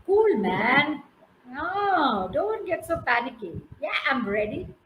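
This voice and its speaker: Woman voicing a high, dithering forest squirrel. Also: big pitch swings, takes it slowly, a bit bright, reverberant, a little hiss or hum, exaggerated voice, poor audio. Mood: laid-back. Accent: Indian English. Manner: anxious dithering, then breezy and laid-back.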